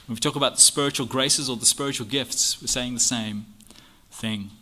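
A man teaches an expository Bible lesson on a church confession, reading passages aloud and driving home his points with earnest rhetorical questions. His mid-range voice is pushed and bright, delivered at a moderate pace.

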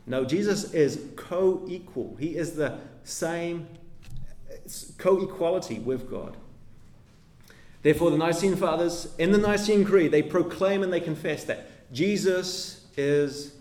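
Man, preacher, teaching sermon, slightly high pitch, earnest and measured, echoey room. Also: a little mellow. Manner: earnest, measured, with frequent restarts and repeated phrases.

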